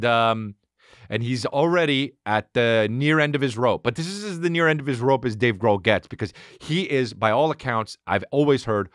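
Animated profane comic host. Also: male voice, on the low side, no room sound, studio quality. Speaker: podcast host. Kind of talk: comic reaction commentary.

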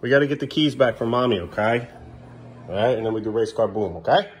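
A man's voice: mid-range voice, lively intonation, fast talker, slight background noise. A man in his thirties at home filming a casual family vlog, coaxing his small children playfully and muttering asides. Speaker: father filming his kids.

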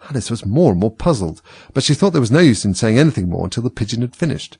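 Gravelly man reading a storybook. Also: fairly low pitch, rapid-fire, no room sound. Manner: expressive, animated reading. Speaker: audiobook reader. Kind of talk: storybook narration.

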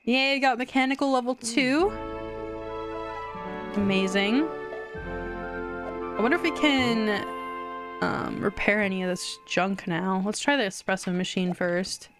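A young woman streams a game live, talking through every move with a chatty, giggly manner. Her voice sits at an ordinary middle pitch. Soft game music plays quietly behind her. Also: slow, pauses often. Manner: excited squeals at wins.

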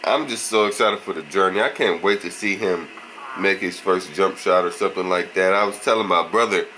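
Brief: young man, relaxed slangy home vlogger, lower pitch with a bright edge. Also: brisk, rough recording. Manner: laid-back slangy talk, chats to baby. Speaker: vlogger and new father. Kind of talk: casual home vlog.

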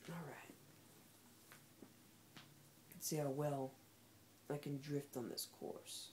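Low, slow-talking sarcastic woman gamer. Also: level tone, warm tone, slight background noise. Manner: sarcastic, talks back to the game. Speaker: gameplay commentator. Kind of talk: casual gameplay commentary.

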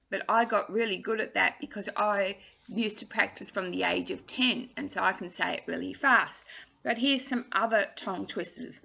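A woman's voice: mid-range voice, moderate pace, vocal fry, sharp tone, breathy edge. A woman, giving a casual singing lesson in a chatty, playful way. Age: 60s. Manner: chatty and playful, drawing out drills. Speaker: singing teacher.

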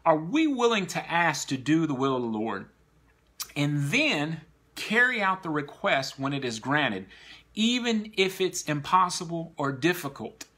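A man's voice: on the high side, big pitch swings, a little slow, pushed and bright, breathy edge. A man preaching a sermon to a congregation, earnestly exhorting the listeners.

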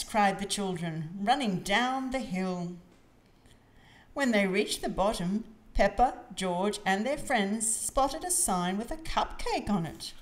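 A woman's voice: mid-range voice, takes it slowly. A woman reading a picture book aloud to children. Her voice sings up and down expressively as she tells the story. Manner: expressive, sing-song reading.

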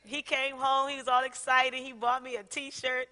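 A middle-aged woman pastor preaching a sermon, animated, laughing often and acting out quotes. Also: high-pitched, normal speed. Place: large church hall. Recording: long church hall reverb.

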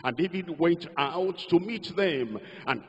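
A man's voice: on the high side, lively intonation, measured pace, husky. An older man with a Nigerian accent preaching a sermon, leading the congregation in call-and-response and sing-song declarations. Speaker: pastor. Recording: lo-fi hall recording.

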